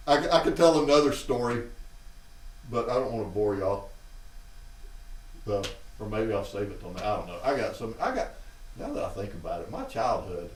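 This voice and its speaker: A Southern man from Alabama tells family stories in a loose, chatty way and slips into quick voices for his relatives. His pitch jumps around a lot. He sits back from the mic in a roomy space. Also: distant mic, slight background noise. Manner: animated, acts out quotes from family members. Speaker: host. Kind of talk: casual storytelling to a live chat.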